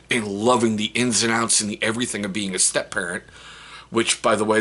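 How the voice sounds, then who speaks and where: A middle-aged man talks casually to his viewers in a rambling, self-mocking way, often restarting his sentences. His voice is bright and forward, with a husky edge. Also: lowish voice. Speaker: vlogger, stepfather. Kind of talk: casual talk to camera.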